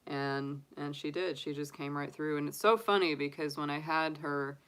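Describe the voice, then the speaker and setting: A woman's voice: low-pitched, fairly even intonation, normal speed, fairly bright tone, clean tone. A middle-aged woman, a tarot reader, chatting casually on a stream, gushing and cooing and laughing easily. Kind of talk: casual chat on a live stream.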